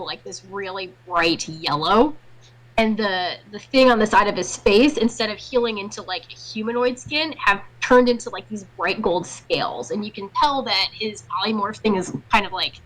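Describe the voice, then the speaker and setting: Woman GM narrating a tabletop session, relaxed chatty delivery, mid pitch. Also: poor audio. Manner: loose, chatty narration with fillers. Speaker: game master.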